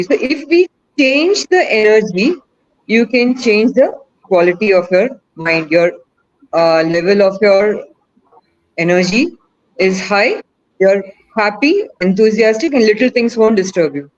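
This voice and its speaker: Woman, webinar presenter, coaxing Q&A delivery, muffled call audio, mid pitch. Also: animated, measured pace, darkish tone. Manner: asks the audience questions, coaxing and encouraging. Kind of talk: interactive online teaching talk.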